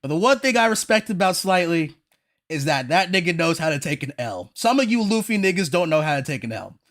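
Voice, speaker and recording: A woman with a fairly low voice reacts to a manga chapter on stream, speaking a little fast and hyping herself up with her chat, at times to the point of frantic shouting.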